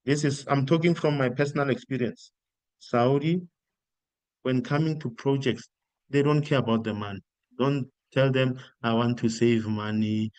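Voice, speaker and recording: A man's voice: mid-range voice, normal speed, no room sound. A middle-aged South African man giving informal career advice, telling stories and acting out quoted dialogue. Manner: animated storytelling, acts out quoted dialogue. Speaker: career coach.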